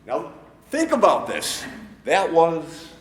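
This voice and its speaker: Animated older man telling stories, echoey room. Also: a little high, takes it slowly. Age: 60s. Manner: animated anecdotal storyteller, laughs at his own stories. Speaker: wrestling coach and educator. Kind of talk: motivational storytelling speech to school faculty. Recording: echoey room, faint background noise.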